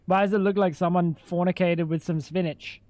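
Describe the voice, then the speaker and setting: A young man with a high-pitched but darkish voice and fairly even intonation chats casually on a livestream at normal speed. He makes crude jokes and swears in disbelief, his sound close and dry without echo.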